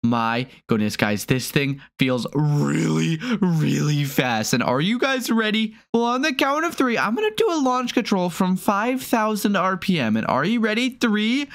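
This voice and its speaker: Young male gaming host, hyper and animated, exclamations galore. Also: sits high, a little slow, vocal fry, hardly any pauses. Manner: hyper, exclaims often, cries out in surprise. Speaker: gaming YouTuber. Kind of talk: excited gameplay commentary.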